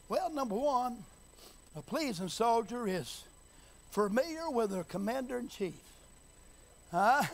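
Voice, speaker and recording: A man preaching a sermon, building to shouted, chanting emphasis and then dropping quiet, folksy, repeating phrases and asking the congregation if they hear him. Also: extremely high pitch.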